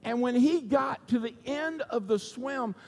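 A man's voice: extremely high pitch, measured pace. A man preaching a sermon, telling a story in a conversational way and checking in with the congregation as he goes. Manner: conversational, asks the audience "okay?" and "right?". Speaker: pastor. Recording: long church hall reverb.

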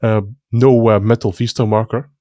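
A man's voice: fairly low pitch, flat delivery, normal speed, mellow, no room sound, clean studio sound. A man co-hosting a casual chat, speaking hesitantly with frequent restarts. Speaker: co-host.

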